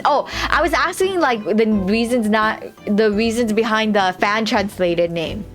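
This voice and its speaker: A woman's voice: on the high side, a little slow, hardly any pauses, soft background music. A woman streamer chatting casually and giggling as she reacts to her chat while playing a game.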